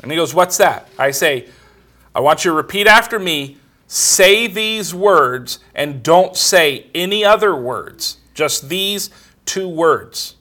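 A man's voice: on the high side, expressive, takes it slowly, pushed and bright. A middle-aged man, preaching a sermon and telling everyday stories in a plain, conversational way. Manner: plain storytelling, quoting others in conversation.

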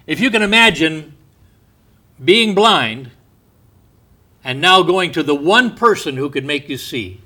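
A man preaching a sermon in a slow, deliberate way, going soft and quiet on quoted words. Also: on the high side, expressive.

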